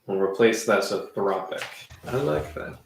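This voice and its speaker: A man playing an improv word game, talking in a halting, musing way. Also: fairly low pitch, expressive, creaky, roomy sound, very noisy. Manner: halting, musing, full of fillers.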